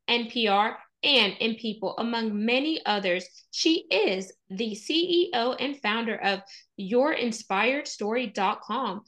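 Brief: woman podcast host, bright higher voice, enthusiastic and hyping, upbeat interview delivery. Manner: enthusiastic, hypes up her guest.

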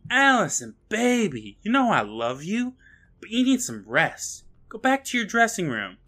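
A man's voice: high-pitched, wildly swooping pitch, measured pace, bright, forceful tone, pitched above the performer's own voice, heavily acted. A man voicing a smarmy male film director who coaxes an actress with a raised, wheedling voice. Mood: smarmy coaxing.

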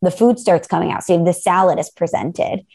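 A young woman co-hosting a casual chat, telling an animated story and acting out quoted lines. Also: lowish voice, normal speed, gravelly, husky. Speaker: co-host.

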